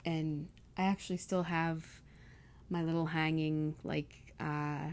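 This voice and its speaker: A woman's voice: sits low, little pitch movement, slow, darkish tone, slight background noise. A young woman vlogging casually about leaving home, emotional and close to tears, with many fillers. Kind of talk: casual personal vlog.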